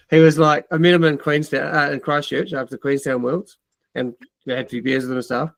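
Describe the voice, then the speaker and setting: A man's voice: fairly high pitch, fairly even intonation, a little fast, creaky, no room sound. A man hosting a podcast, bantering cheekily and joking around. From New Zealand. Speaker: podcast host. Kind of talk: casual chat.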